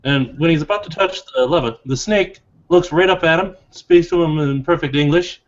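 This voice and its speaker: A man's voice: on the high side, moderate pace. A man with a folksy, drawling manner telling a long joke during a tabletop game. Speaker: player. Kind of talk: storytelling a joke in character. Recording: dull lo-fi recording.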